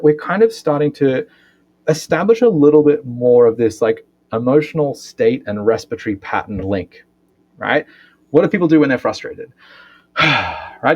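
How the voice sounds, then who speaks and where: A man with a fairly high, creaky voice explains things animatedly. As a physiotherapist and breathwork educator in a podcast interview, he keeps finishing his points with a questioning "right?".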